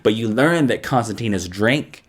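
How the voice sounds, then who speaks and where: Animated, jokey man reviewing comics. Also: on the low side, normal speed. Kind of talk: casual review vlog.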